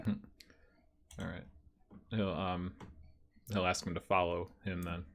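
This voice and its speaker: Deep-voiced man playing a tabletop game. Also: level tone, slow pace, a bit bright, a little hiss or hum. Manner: casual, many fillers. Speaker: player. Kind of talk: casual tabletop play.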